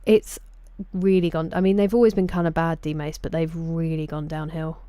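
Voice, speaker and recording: Low, mellow Sussex woman streaming. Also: level tone, moderate pace, clean tone, dry recording. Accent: Sussex English. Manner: chatty, greets viewers by name. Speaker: game streamer. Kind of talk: casual live-stream chat.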